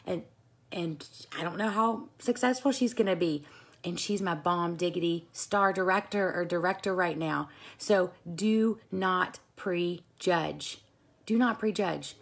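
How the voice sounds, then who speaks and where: A woman's voice: lowish voice, creaky. A woman who directs a direct-sales team, giving an earnest motivational talk to her team and repeating key phrases for emphasis.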